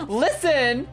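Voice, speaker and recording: A woman streaming a game, chatting casually with lots of swearing, giggles and exclamations, over game music. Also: sits high.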